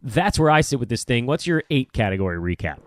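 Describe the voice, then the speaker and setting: A man's voice: mid-range voice, very animated, fast, no echo. A middle-aged man hosting a casual sports podcast, rambling and self-deprecating as he chats. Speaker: podcast host.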